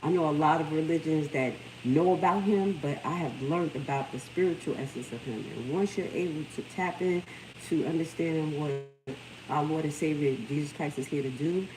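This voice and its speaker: A middle-aged woman speaks, her voice sitting slightly low as she hosts a casual livestream. She tells stories with animated energy. A faint background noise sits under the recording. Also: normal speed. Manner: animated storytelling, lively quoted voices. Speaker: livestream host.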